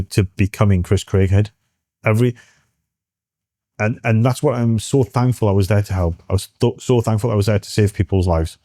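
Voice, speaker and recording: A British man in his forties, a military veteran telling a story in an interview, halting and restarting as he acts out what others said. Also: fairly low pitch, mellow, no echo, studio quality.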